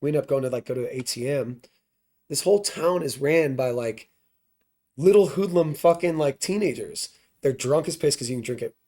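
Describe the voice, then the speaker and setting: A man's voice: medium pitch, warm tone, slightly rough. A man guesting on a podcast, telling a tour story in a loose, profane, rambling way full of "like" fillers. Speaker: podcast guest, touring band musician. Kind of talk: casual storytelling.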